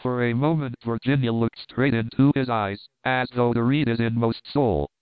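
A male narrator reads the story in a steady, formal manner. His voice is smooth and sits at a middle pitch. The sound is dry and close, and it passes through a thin, phone-like band. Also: moderate pace, dry recording. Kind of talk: audiobook narration.

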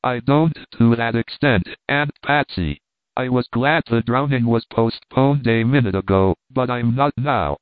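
A man's voice: medium pitch, unhurried, smooth, no room sound, natural voice. A sarcastic, irritable young man with a cutting tongue, voiced by a male reader. The audio is thin and phone-like, with no room sound. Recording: tinny phone-like line, dry.

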